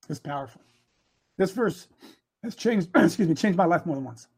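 A man in his sixties preaching a sermon, emotional and repeating phrases for emphasis, building to shouts. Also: high-pitched, animated, moderate pace, pauses often, husky. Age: 60s.

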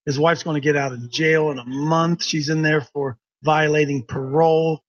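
A man's voice: a little high, steady tone, normal speed. A man hosting a talk show, telling a story in an earnest, preachy way and repeating himself for emphasis. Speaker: radio talk show host. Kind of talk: casual storytelling. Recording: dull lo-fi sound.

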